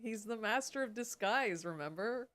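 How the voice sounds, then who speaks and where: A woman's voice: on the high side, animated, moderate pace, a bit bright. A woman trading dry jokes while co-streaming a game. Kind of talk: casual game stream chat.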